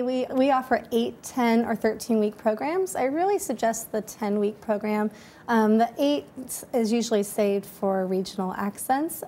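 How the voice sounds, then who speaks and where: A woman interviewed as an accent coach, with a fairly high voice. She answers in a measured, explanatory way and often starts with a soft "um". A faint hiss sits behind her.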